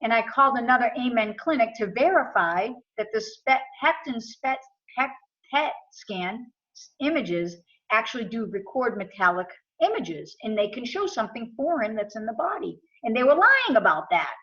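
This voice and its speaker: American woman talking casually, acting out what people said, kinda high voice, muffled audio. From USA. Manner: animated retelling with quoted dialogue. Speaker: interview guest. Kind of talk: casual storytelling.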